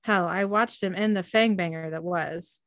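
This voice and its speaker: A woman's voice: lowish voice, normal speed, no room sound, clean studio sound, lightly acted. A woman reading the lines of a blunt, defensive adult brother during a show recap.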